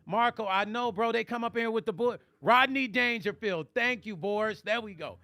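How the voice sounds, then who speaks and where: Middle-aged man, high, bright voice, dry close sound, joking livestream banter. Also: dry recording. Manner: joking, playful banter, drawn-out teasing. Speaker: musician and vlog host reading live chat. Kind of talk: casual livestream chat.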